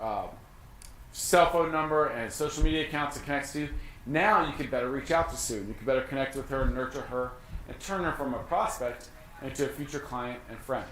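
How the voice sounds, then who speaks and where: A man giving an energetic, conversational information session, often acting out short exchanges with clients. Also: medium pitch. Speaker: real estate brokerage leader. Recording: echoey room with faint noise.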